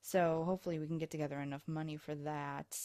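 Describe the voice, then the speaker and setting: A low-pitched woman with a mellow, warm tone talks through her game as she plays. She sounds worn out, rambling and joking at her own expense. She records on a USB microphone. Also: little pitch movement, fast. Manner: chatty, rambling, self-deprecating. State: tired. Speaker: let's play host. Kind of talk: casual gameplay commentary.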